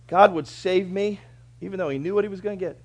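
A male pastor preaching a sermon in a church, moving between loud, fervent proclamation and quiet, conversational storytelling. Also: sits high, fast talker.

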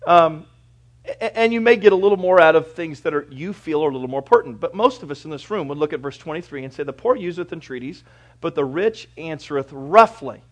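Guy preaching in church, kinda high voice, chatty folksy sermon, gets loud then drops real quiet. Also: fast talker. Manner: folksy, conversational preaching with everyday examples and asides; swings from quiet, reflective lines to loud, lively bursts. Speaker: pastor.

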